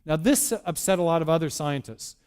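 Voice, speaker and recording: A man's voice: a little high, a little fast, a little mellow, clear, resonant tone. A man giving a public lecture, explaining step by step with frequent restarts and repeated words.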